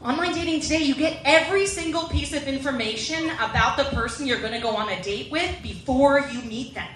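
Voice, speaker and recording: A woman's voice: high voice, a little fast, a bit bright, roomy sound, recorded from a distance, slight background noise, low-quality recording. A young woman performing a chatty, self-deprecating stand-up comedy set and acting out the voices she quotes.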